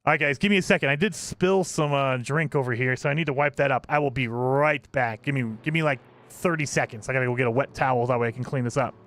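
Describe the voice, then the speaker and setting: A man's voice: mid-range voice, fast talker, few pauses, a bit bright. A man streaming a space survival game, chatting casually with his viewers and laughing often while he plays. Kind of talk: casual live game commentary.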